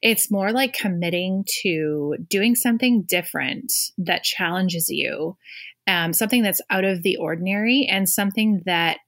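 A woman's voice: medium pitch, moderate pace, fairly bright tone. A woman co-hosting a podcast, talking reflectively with many fillers and acting out her inner voices. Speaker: podcast co-host. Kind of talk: casual podcast chat.

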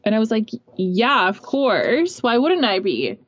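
A woman's voice: on the high side, sing-song, a little slow, no room sound. A young woman telling a personal story in a casual, rambling way, full of fillers. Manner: chatty, rambling, many fillers. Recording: dull lo-fi recording.

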